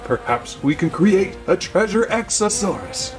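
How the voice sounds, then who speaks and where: A man doing an impression of an elderly, genial male theme park founder who speaks gently and courteously. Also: high-pitched, big pitch swings, unhurried, over music, voice pushed up. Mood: gracious.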